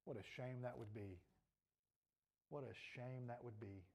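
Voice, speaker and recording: A man's voice: mid-range voice, fairly even intonation, a little slow, gravelly, a little mellow, slightly rough. A male pastor preaching a sermon earnestly, his voice rising and falling in intensity, with a troubled throat.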